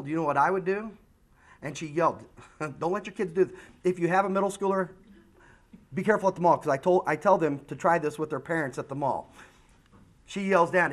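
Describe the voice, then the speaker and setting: A man in his forties with an American accent, giving a lively community safety talk to parents and acting out what kids say. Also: high voice. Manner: animated, acts out kids' lines. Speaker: school safety presenter. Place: school meeting room.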